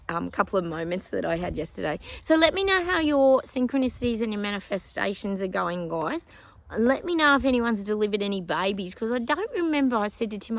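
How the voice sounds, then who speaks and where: Chatty Australian woman vlogger. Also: mid-range voice. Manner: chatty and rambling, laughs often, says "guys" a lot. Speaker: psychic vlogger. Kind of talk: casual chat to viewers.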